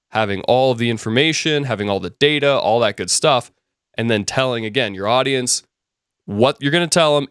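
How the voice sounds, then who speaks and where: A man teaching a business presenting class, telling a story in a relaxed conversational way, with many fillers and restarts. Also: mid-range voice, clean tone, no echo, clean studio sound. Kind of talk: casual classroom lecture with anecdotes.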